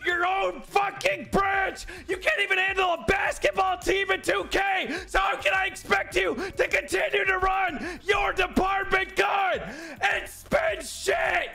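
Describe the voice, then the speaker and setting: A furious police colonel, screams a nonstop, profane rant in a very high, shrill voice. The tone is bright and sharp, with a gravelly fry grinding through it. He never drops below a bellow. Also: little pitch movement, measured pace, few pauses, faint music behind, full character voice. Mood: scornful. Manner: nonstop shouted rant, heavy swearing. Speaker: streamer. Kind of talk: impression in game role-play.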